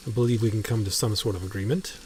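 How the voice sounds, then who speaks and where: A man voicing a calculating male guild leader who speaks in a measured, diplomatic way. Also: lowish voice, steady tone, a little mellow, slight background noise, voice pushed down, lightly acted.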